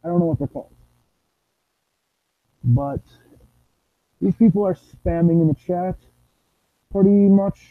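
A man's voice: high voice, a little slow, pauses often, no room sound. A young man giving rambling, playful commentary while streaming a game. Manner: rambling, playful, sings nonsense sounds. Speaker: gameplay streamer. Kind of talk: casual gameplay commentary. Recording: tinny lo-fi dry mic.

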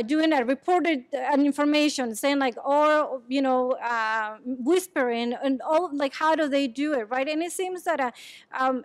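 A high-voiced Mexican woman whose first language is San Juan Quiahije Chatino answers audience questions after her academic conference talk in a lecture room. She explains haltingly, often pausing to search for words. The recording is close and dry, with no room sound.

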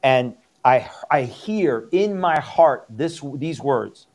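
Speaking slowly with few pauses, this man has a medium-pitched, darkish voice and lively intonation. He's a middle-aged pastor from Iran, a guest in an interview, recounting how he converted with earnest, emphatic repetition.

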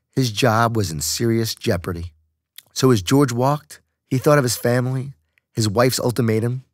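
A man narrates an audiobook with a steady, measured delivery. His pitch sits in the middle range, and the studio-quality recording carries no room sound.

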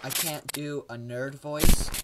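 Low-voiced woman rambling over a game. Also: steady tone, takes it slowly, heavy background noise. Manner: rambling, self-mocking and jokey. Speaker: gaming video host. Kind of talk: casual let's-play commentary.

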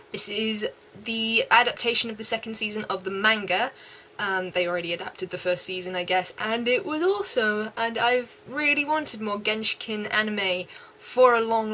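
A young woman with a West Country English accent, chatting excitedly and gushing in repeats as an anime vlogger. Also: medium pitch, a little hiss or hum, rough recording. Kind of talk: casual chat.

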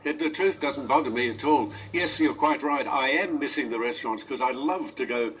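A man in his eighties hosting talk radio, answering a hostile caller in a measured but indignant way. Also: medium pitch, fairly bright tone. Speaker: radio host. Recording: distant radio recording with faint noise.

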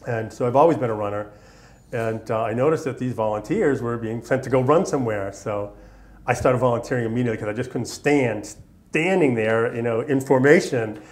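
A veteran in his fifties from Massachusetts shares army memories for an oral history interview, talking briskly in a mid-range voice with a darkish tone. His account rambles, full of fillers.

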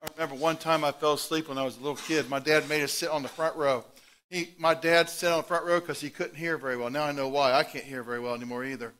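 High, bright-voiced preaching man. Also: quick pace. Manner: animated storytelling, swinging from loud outbursts to hushed asides. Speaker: pastor. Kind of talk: sermon.

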